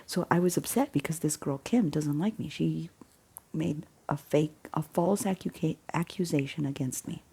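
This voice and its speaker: A woman with a low, very husky and breathy voice, talking casually through a personal story. Her tone is dark and gravelly, and she often drops into a half-whisper, repeating words as she rambles on. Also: moderate pace. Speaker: faith vlogger.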